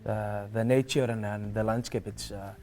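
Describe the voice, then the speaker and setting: A man from Iceland with an Icelandic accent, a guest chef on a TV cooking segment, speaking English haltingly with many fillers and repeats. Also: fairly low pitch, steady tone, mellow, soft background music. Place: TV studio kitchen.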